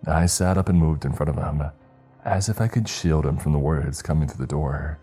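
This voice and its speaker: A man with an extremely low, dark voice tells a first-person horror story in a measured, suspenseful way. His tone is husky, and faint music plays under the narration. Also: fairly even intonation.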